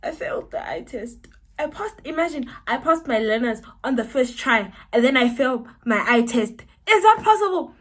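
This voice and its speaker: A young South African woman telling a personal story to camera, animated and breaking into high exclamations. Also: normal speed. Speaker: vlogger.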